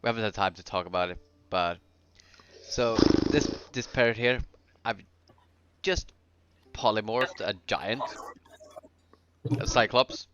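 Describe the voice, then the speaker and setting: A man's voice: fairly low pitch, measured pace, pauses often, background noise. A man playing a tabletop game in a laid-back way, often stumbling over his words. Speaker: player. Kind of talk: casual tabletop play. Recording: dull lo-fi sound.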